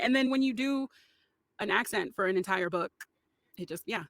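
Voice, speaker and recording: A woman's voice: on the high side, brisk, pushed and bright, dry recording. Chatty woman with a dry, close sound. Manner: chatty, laughing, frequent restarts and fillers. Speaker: voice actor guest. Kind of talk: casual podcast interview chat.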